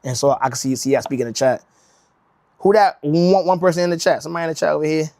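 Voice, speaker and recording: A man's voice: on the high side, quick pace, creaky, a little mellow, dry recording, studio quality. Slangy young man telling a story on stream. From Connecticut, USA. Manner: slangy and rambling, says bro a lot, restarts often. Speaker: rug-making livestreamer. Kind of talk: casual storytelling on a livestream.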